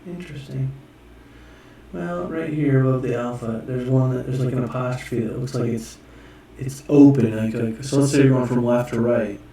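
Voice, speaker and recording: A man casually teaching himself and viewers Greek letters, rambling, correcting himself and sounding words out slowly. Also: medium pitch, fairly even intonation, mellow. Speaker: self-taught Greek learner teaching viewers. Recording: echoey room, mic far off, faint noise.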